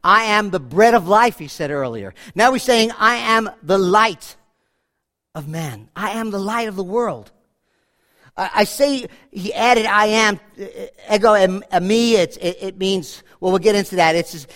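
A man preaching a sermon, animated, slowing down for quotations and often repeating and restarting his phrases. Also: sits high. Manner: animated, dramatic swings in volume, slows for quotations.

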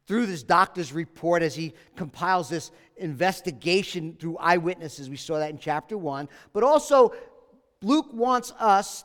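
Pastor guy preaching, high clear voice, talks earnest and punchy, lots of repeating himself. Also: long reverb tail. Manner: earnest, emphatic, repeats key phrases. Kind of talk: sermon.

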